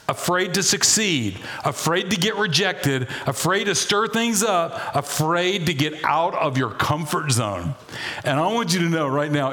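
A middle-aged man preaching a sermon as pastor, folksy and animated, with playful asides and humor. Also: on the high side.

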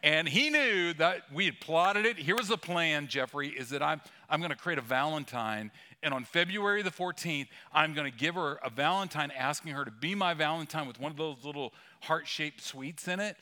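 A middle-aged man preaching in a church, his voice bright and a little high. He talks casually and tells stories with humor, joking with the congregation as he goes. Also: normal speed, few pauses. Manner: conversational storytelling with humor. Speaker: pastor. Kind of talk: sermon. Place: church sanctuary.

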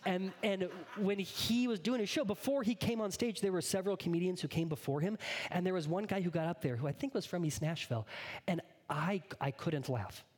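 A man preaching a sermon as a pastor, earnest, sometimes dropping to a hushed whisper. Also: high-pitched, fairly quick, breathy edge.

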